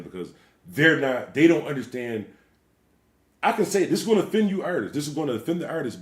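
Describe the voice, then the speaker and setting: A man who is a DJ, hosting a livestream and ranting bluntly with plenty of profanity. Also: medium pitch. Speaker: DJ and livestream host. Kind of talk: livestream rant. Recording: roomy echo.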